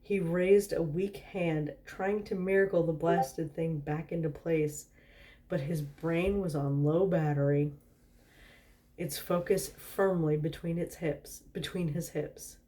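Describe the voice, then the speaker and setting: A woman's voice: deep voice, steady tone, takes it slowly, warm tone. Giggly tipsy woman reading aloud. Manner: giggly, interrupts herself with laughs and asides. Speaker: storyteller. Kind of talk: drunk storytime reading.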